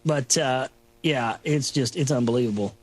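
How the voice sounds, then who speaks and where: A man's voice: medium pitch, moderate pace. A man hosting a talk show, rambling through a sarcastic, mocking solo commentary. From Texas.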